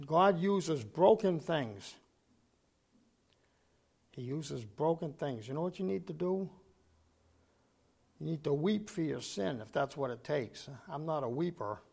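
Older male preacher, gravelly and a bit high, throat-clearing, emphatic sermon delivery. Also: lively intonation, unhurried, warm tone.

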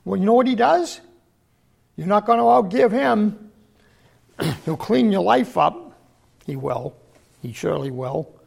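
An older man preaching a sermon with a failing, hoarse voice. He clears his throat often and swings between loud emphatic outbursts and low murmurs. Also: animated, measured pace, pauses often. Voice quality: gravelly, husky.

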